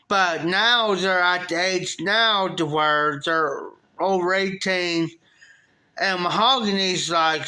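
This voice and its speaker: A middle-aged American man chats live with his viewers in a loose, rambling way, looping back on his phrases. His voice sits high for a man and rings bright and forceful. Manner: rambling, repeats phrases, animated when quoting himself. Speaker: live streamer. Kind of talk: casual storytelling to chat.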